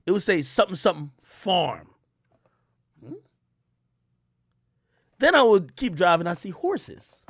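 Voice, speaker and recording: A man telling a casual story to his live stream, excitable and full of slang and swearing. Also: sits high, moderate pace, gravelly, pauses often, slightly rough, dry recording. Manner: animated, profane, slangy, excitable. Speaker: streamer and commentator.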